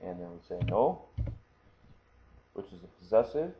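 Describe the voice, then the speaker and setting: Male instructor, low voice, patient step-by-step explainer; thin phone-like sound, light hiss. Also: sing-song, normal speed. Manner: patient, explanatory, frequent "okay?" check-ins. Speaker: martial arts instructor. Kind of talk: screen-recorded lesson. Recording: tinny phone-like audio, faint hiss.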